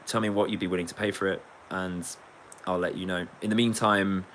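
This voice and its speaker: Man, English accent, very low voice, casual livestream chat, rambling, sweary, faint noise. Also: fairly even intonation, fairly quick, fairly bright tone, low-quality recording. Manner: rambling, sweary, jokey, reads chat aloud. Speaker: livestreaming musician.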